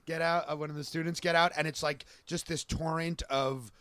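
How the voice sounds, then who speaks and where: A man's voice: fairly high pitch, steady tone, moderate pace, a crowd in the background. A man co-hosting a casual podcast, laughing often and swearing casually as he recaps old wrestling shows. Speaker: podcast co-host.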